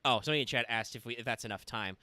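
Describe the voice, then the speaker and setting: A man's voice: medium pitch, rapid-fire, pushed and bright, no echo. A man casually commentating a game stream, explaining at length and swearing freely. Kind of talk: casual let's-play commentary.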